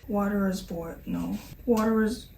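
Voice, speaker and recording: A woman's voice: medium pitch, steady tone, a little slow, creaky, a little mellow, slight background noise. Chaotic, swearing young woman cooking. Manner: chaotic, swearing, talking to the camera. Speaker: cooking vlogger. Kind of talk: casual cooking vlog. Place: home kitchen. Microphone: phone camera.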